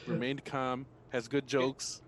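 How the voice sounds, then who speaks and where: A man's voice: mid-range voice, level tone, slow pace, crowd noise. A man playing a tabletop game, chatting casually with wry jokes. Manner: wry, joking. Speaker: player. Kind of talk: casual chat.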